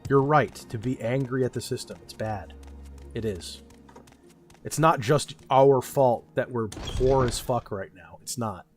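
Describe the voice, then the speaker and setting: A man's voice: medium pitch, unhurried, soft background music. A young man streaming and talking with his chat in a blunt, profane, ranting way. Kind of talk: casual livestream chat.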